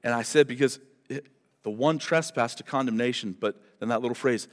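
At a church service, a pastor preaches a sermon to his congregation, starting conversationally and building to impassioned emphasis. His voice is mid-range at a normal speed, with a long reverb tail.

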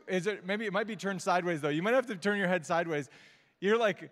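A man preaching to his congregation in a relaxed, talkative way, breaking off and restarting his sentences as he goes. His voice sits a little higher than most men's. The sanctuary gives it a long, ringing reverb. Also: fast talker. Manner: warm, chatty, often restarts mid-sentence; gushing and excitable when reacting. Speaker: guest preacher. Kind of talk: casual conversational sermon. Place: church service with live congregation.

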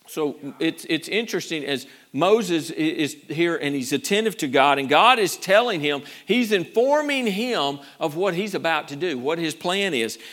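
Male pastor, high bright voice, animated sermon delivery. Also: moderate pace, few pauses. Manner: animated preacher acting out scripture scenes.

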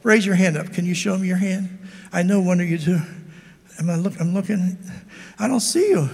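A man's voice: high voice, moderate pace, vocal fry, a little mellow, breathy edge, big-room sound. An older man preaching an impassioned sermon, exhorting his listeners with lots of repetition. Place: church hall.

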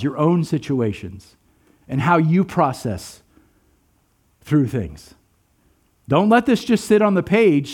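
A man's voice: a little high, darkish tone. A man preaching a sermon, earnest and emphatic, asking his listeners rhetorical questions. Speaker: pastor.

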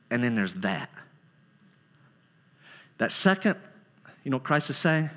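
Emphatic preacher in a reverberant church. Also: male voice, mid-range voice, sing-song, unhurried, fairly bright tone. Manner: earnest, emphatic preaching with repetition. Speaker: pastor. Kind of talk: sermon. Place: church sanctuary. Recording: long hall reverb, church sanctuary.

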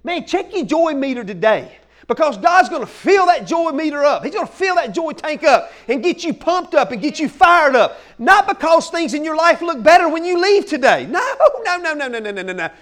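A male pastor preaches at full energy. His voice sits very high, and he keeps peppering his lines with casual fillers. He often builds into loud, shouted rallying bursts. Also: moderate pace. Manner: excitable, shouting bursts, folksy "man" fillers. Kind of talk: energetic sermon.

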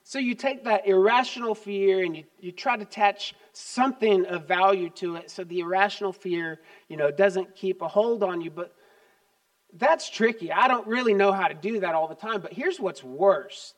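A man in his fifties, a grandfather and pastor, preaching a sermon with personal stories, swinging from loud emphasis to quiet asides. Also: high-pitched, lively intonation, normal speed.

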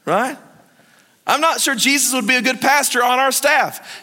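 A male pastor preaching a lively, joking sermon and chuckling at his own points. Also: extremely high pitch, moderate pace. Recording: long hall reverb.

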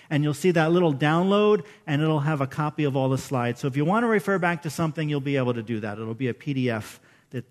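A man in his fifties preaching a sermon as pastor, chatty and emotional, often putting questions to the congregation. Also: fairly high pitch.

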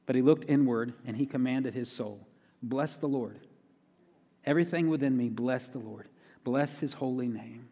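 A man's voice: medium pitch, normal speed, mellow. A man preaching a sermon in a conversational way, repeating key phrases for emphasis. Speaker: pastor. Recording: long reverb of a large hall.

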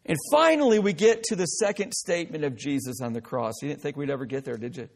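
A man's voice: fairly high pitch, lively intonation, fast. A male pastor preaching a sermon, emphatic and direct, often breaking in with "listen" and joking asides.

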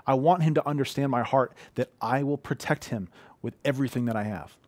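With a medium-pitched, darkish voice and a brisk pace, a man in his thirties preaches earnestly and conversationally from a living room. He is a pastor telling heartfelt personal stories, and there is no echo.

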